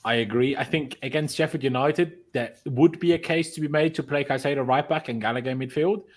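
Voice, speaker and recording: A man's voice: medium pitch, brisk. A man hosting a casual football chat on a live stream, opinionated and talking through his reasoning aloud. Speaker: host.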